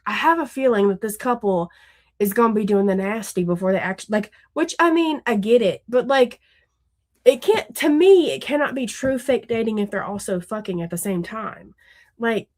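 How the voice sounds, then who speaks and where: Rambling and candid, a young-kids mom co-hosting a book podcast laughs a lot and swears without restraint. Her voice is medium-pitched and a little mellow.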